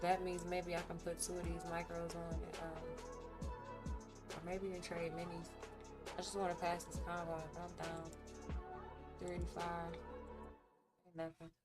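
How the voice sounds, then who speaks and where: A woman's voice: on the low side, flat delivery, moderate pace, long pauses, loud music behind the voice. A woman livestreaming her day trading, chatting candidly and animatedly with viewers about her ups and downs. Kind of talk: casual live-stream chat while trading.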